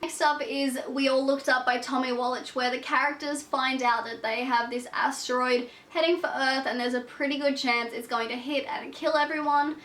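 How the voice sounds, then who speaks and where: Chatty young woman, high voice, sounding sick. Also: fairly even intonation, normal speed, hardly any pauses, a bit bright, distant mic. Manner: chatty, emphatic, self-deprecating. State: sick, congested. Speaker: book vlogger. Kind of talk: casual vlog chat. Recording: echoey room, voice set back from the mic.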